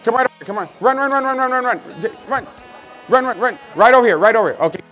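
A man leading a live motivational seminar at a sales convention, energetically shouting directions to the crowd. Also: very high-pitched, expressive, quick pace, soft background music. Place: large convention hall with a crowd. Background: crowd of hundreds.

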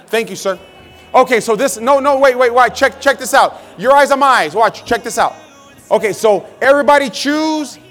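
A man leading a live motivational seminar at a sales convention, energetically shouting directions to the crowd. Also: extremely high pitch, expressive, moderate pace, soft background music. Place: large convention hall with a crowd. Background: crowd of hundreds.

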